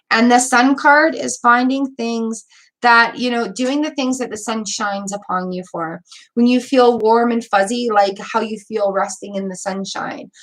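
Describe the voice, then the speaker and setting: A woman's voice: fairly high pitch, a bit bright. A woman giving tarot card readings on a live stream, encouraging and chatty, repeating words and using fillers as she goes. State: hiccups. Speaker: tarot reader.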